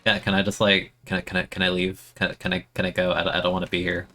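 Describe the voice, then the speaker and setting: A young man streaming a video game, chatting excitably and self-mockingly, often stammering and repeating words. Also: low-pitched, fast talker, hardly any pauses. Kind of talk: casual gameplay commentary.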